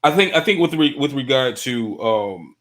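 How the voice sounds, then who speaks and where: A man from the US East Coast, chatting as a roundtable guest, halting and searching for words with many fillers. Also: mid-range voice, expressive, a bit bright. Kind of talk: casual chat.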